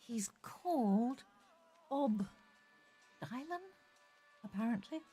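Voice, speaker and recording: A woman voicing a soft-spoken, wistful teenage schoolgirl in an audio drama reading. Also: a little high, lively intonation, takes it slowly, husky, faint music behind, heavily acted.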